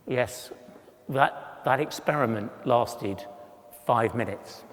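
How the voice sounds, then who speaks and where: A man's voice: mid-range voice, slow, a bit bright, in a large hall. A man in his sixties from England giving a humorous, self-deprecating storytelling talk with slides, acting out voices in his anecdotes. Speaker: conference speaker.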